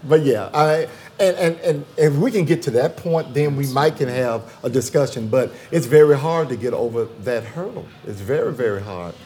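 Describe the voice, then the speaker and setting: A man's voice: mid-range voice, expressive, normal speed, few pauses, warm tone, slight background noise. A man, a theologian guest in a conversational interview, talking emphatically and repeating phrases for rhythm.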